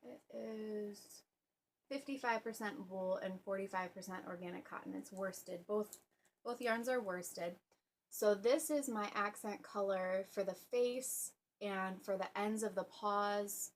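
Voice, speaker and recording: A young woman hosting a casual knitting vlog at home, chatty and relaxed, full of ums and little laughs. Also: mid-range voice, a little slow, slight background noise. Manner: chatty, with fillers and soft laughs. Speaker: knitting podcast host. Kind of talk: casual show-and-tell vlog.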